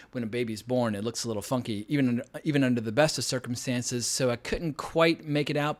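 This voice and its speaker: A man reviewing a TV episode in a relaxed, conversational way, opinionated and now and then profane. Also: mid-range voice. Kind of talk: casual spoken TV episode review.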